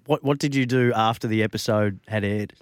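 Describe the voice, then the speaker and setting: A man's voice: fairly low pitch, brisk, clear, resonant tone, dry recording, clean studio sound. A man hosting a sports radio show, jokey and teasing, laughing often. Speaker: radio host. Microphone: studio mic.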